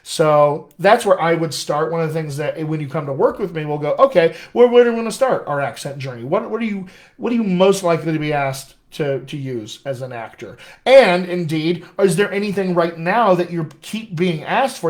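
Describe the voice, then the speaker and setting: A man's voice: a little high, expressive, normal speed. A man working as a dialect coach, answering viewer questions in a casual live-stream chat with an upbeat, chatty manner.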